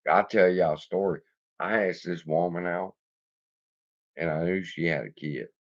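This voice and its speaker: Male host, lower voice, loose profane storyteller who laughs a lot; muffled lo-fi sound. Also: a little mellow. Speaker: investing channel host. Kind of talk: casual storytelling livestream.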